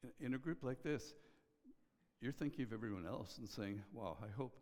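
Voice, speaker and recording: A middle-aged man, a pastor, preaching a sermon in an earnest, measured way, often dropping to a soft hush. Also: mid-range voice. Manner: earnest, pausing, drops to a soft hush on key lines. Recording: long hall reverb.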